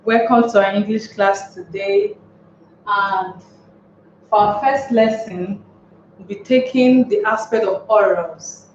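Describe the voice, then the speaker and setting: A woman's voice: medium pitch, animated, slow pace, a little hiss or hum. A woman teaching an English lesson, posing rhetorical questions to her class and then answering them herself. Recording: echoey room, distant mic, dull sound.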